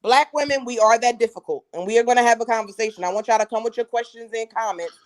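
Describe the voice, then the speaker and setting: Lively woman telling funny stories on a podcast, kinda high voice. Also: fast talker. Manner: animated storyteller, slangy and laughing. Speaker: co-host. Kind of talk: casual podcast chat.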